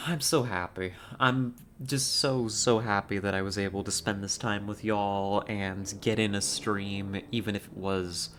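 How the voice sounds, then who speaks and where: A man's voice: medium pitch, a bit bright, a little hiss or hum. A man streamer chatting casually with his viewers as he ends his stream, rambling and playful and laughing often. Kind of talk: casual stream sign-off chat.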